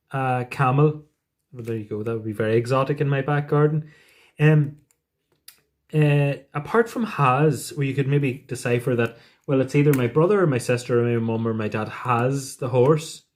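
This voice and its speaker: A man teaching a Spanish lesson, explaining patiently step by step with gentle asides. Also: mid-range voice. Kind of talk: recorded classroom lesson.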